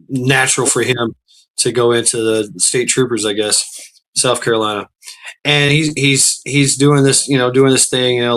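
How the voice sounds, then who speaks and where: A man tells stories casually, with plenty of cursing and repeated starts. His voice sits at a middle pitch and has a bright, forceful edge. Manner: profane, rambling, repeats words. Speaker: storyteller. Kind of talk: casual storytelling.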